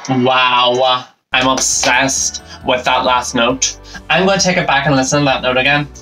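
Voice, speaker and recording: A man's voice: medium pitch, fairly even intonation, measured pace, rough recording. A man hosting a reaction channel, giving upbeat, enthusiastic commentary on a concert performance. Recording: concert music playing loud behind. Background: music.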